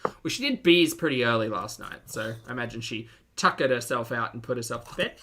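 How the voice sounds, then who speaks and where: A man's voice: mid-range voice, animated, brisk, a bit bright. A man with an Australian accent hosting a live reaction stream, chatting casually, laughing often and reading out chat messages.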